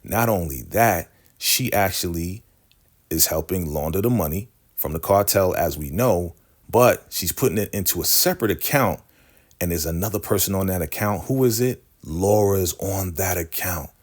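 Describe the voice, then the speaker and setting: A deep-voiced man walks through a TV episode in a casual recap, slangy and chatty. He keeps tossing in asides as he retells each scene, sounding like a friend catching you up. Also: normal speed. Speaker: recap show host.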